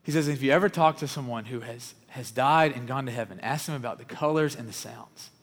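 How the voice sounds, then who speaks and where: A male pastor preaches with earnest conviction, often dropping his voice low and quiet. His pitch sits in an ordinary middle range. The sound carries the long reverb of a large hall. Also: a little fast. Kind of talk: sermon with storytelling.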